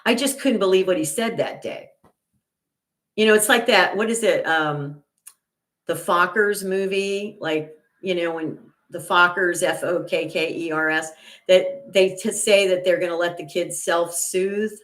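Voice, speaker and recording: An older woman chats away on her own livestream with a lower-pitched voice. She rambles through her thoughts with plenty of fillers and restarts. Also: measured pace. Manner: indignant, gets loud and high when retelling an argument. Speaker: channel host. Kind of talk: casual livestream chat.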